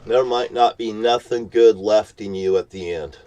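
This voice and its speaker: A man's voice: on the low side, moderate pace, dark tone, highs cut off. Man, cursing rant, threatening and preachy, from a parked car. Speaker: vlogger. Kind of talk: ranting monologue to camera. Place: parked vehicle.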